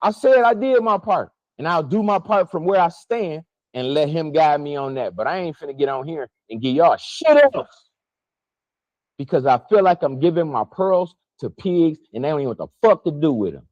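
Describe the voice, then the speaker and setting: A man delivering a heated, profane spiritual monologue to his viewers, preachy and emotional while fasting, his pitch swinging widely. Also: animated, a little mellow, no room sound, lo-fi sound. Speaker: spiritual vlogger.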